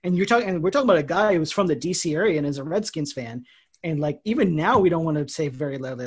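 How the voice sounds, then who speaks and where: Husky-voiced man ranting about sports. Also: on the high side, lively intonation, fast talker. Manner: rambling, opinionated, trails off quieter. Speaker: podcast co-host. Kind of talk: casual sports chat.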